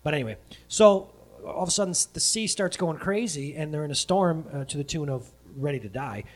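A man's voice: fairly high pitch, brisk. A man preaching a casual sermon, retelling a Bible story with jokes and playful asides and often breaking off to correct himself. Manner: self-correcting, breaks off mid-sentence.

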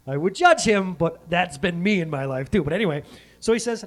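A male preacher gives a loose, conversational sermon with a fairly high voice that swings widely up and down. He jokes as he retells the story, adds playful asides, and often stops mid-sentence to fix what he said. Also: animated, moderate pace. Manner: self-correcting, breaks off mid-sentence. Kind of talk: casual sermon.

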